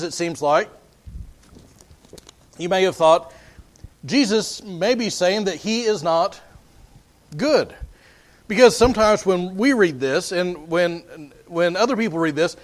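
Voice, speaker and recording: Male preacher with a high voice, earnest sermon delivery, repeats words as he builds each point. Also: lively intonation, measured pace, long pauses.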